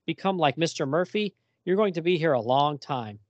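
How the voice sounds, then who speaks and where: A woman's voice: sits low, animated, normal speed, dry recording, muffled recording. A man reading the lines of a weary adult woman trapped in a house, in a plain quoted reading voice.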